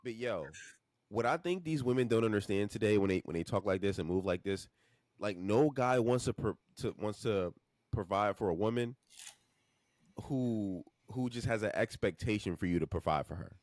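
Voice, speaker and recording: A man's voice: lowish voice, moderate pace, dry recording, studio quality. A man co-hosting a podcast, talking in casual slang and acting out hypothetical exchanges. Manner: animated slangy talk, acts out hypotheticals. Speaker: podcast co-host.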